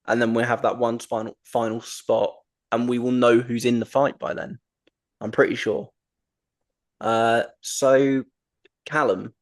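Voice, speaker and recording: A man hosting a wrestling podcast, chatting casually and enthusiastically, with lots of ums and restarts. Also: medium pitch. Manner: rambling, enthusiastic, frequent ums. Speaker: podcast host.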